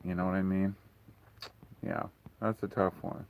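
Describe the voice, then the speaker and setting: A man's voice: sits low, flat delivery, a little slow, clean tone, phone-quality sound. A man hosting a casual livestream Q&A, talking frankly and rambling, swearing freely. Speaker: livestream host.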